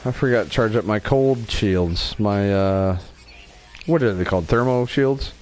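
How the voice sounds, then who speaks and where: A man's voice: fairly low pitch, measured pace, a little mellow. A man with a slight Southern US accent hosting a casual gaming livestream, chatty and joking as he narrates his play. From Wyoming, USA. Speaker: livestream host.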